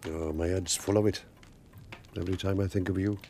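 A tender older man, soft-spoken and earnest. His voice is very low, dark and husky. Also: steady tone, fairly quick. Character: gentle older Welsh man, wistful and romantic.

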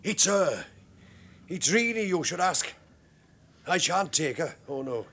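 An actor playing a measured, placating man caught in a row, in a soap opera scene. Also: a little high, very animated, sharp tone, breathy edge, full character voice. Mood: calm. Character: calm Welsh poet rival, steady and unflustered.

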